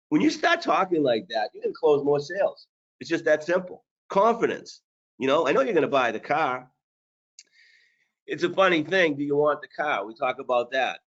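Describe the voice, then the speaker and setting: A man's voice: fairly high pitch, sing-song, normal speed, lo-fi sound. A man coaching sales managers on a webinar, blunt and hard-driving, with jokes along the way. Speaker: sales trainer.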